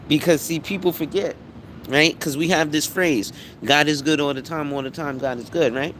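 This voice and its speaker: A man's voice: fairly high pitch, moderate pace, slight background noise. Blunt, profane man on a live stream. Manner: blunt, profane, animated storytelling. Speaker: insurance agent and live-stream host. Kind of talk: casual live-stream talk.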